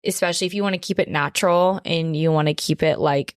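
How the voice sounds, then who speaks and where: Chatty young woman, lower voice. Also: steady tone, fast, dry recording, clean studio sound. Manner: chatty, enthusiastic recommendations with frequent "like". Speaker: podcast guest. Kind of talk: casual chat.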